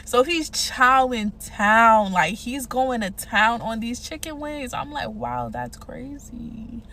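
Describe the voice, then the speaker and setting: Woman doing a storytime, swears a lot, acts out lines, slightly high voice. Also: takes it slowly, slight background noise. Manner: animated, profane, acts out quotes. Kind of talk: casual storytime.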